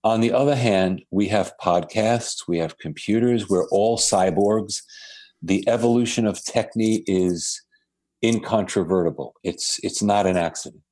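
A man's voice: lowish voice, measured pace, darkish tone. A man who is a podcast guest, telling reflective stories with frequent restarts. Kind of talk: storytelling in a podcast conversation.

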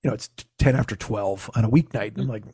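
A man's voice: lowish voice, quick pace, mellow, slightly rough, dry recording. A man telling a casual, profane story in his own voice. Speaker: podcast host telling a story.

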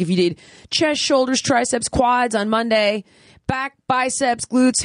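A woman fitness trainer answering listener questions in casual podcast chat, blunt and energetic. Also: mid-range voice, no echo, studio quality. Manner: blunt and energetic, explains with quick examples.

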